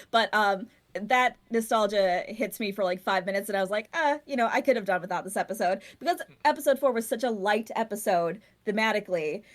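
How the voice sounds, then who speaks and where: A woman co-hosting a casual podcast chat, animated and profane, often laughing as she talks. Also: medium pitch. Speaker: podcast co-host.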